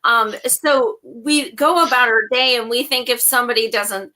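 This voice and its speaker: A woman's voice: on the high side, normal speed, pushed and bright. A woman hosting an interview, talking in an encouraging way with many fillers. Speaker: interview host.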